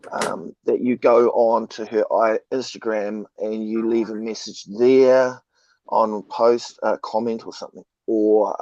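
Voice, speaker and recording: A man with a hoarse, croaky voice from a cold, talking slowly and haltingly as a guest on a live stream. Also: mid-range voice, darkish tone, no echo, highs cut off. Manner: slow, halting, many ums. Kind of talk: casual live stream talk.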